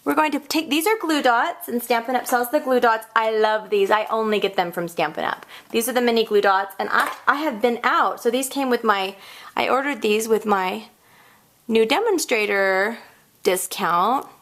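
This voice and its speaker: A woman in her thirties hosting a casual card-making tutorial, bubbly and chatty, squealing when she gets excited. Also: on the high side, moderate pace. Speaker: crafting tutorial host.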